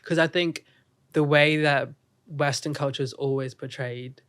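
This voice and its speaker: A man's voice: fairly high pitch, fairly even intonation, unhurried, fairly bright tone, clear, resonant tone. A young man from India, a musician guest speaking candidly and reflectively in a casual podcast interview.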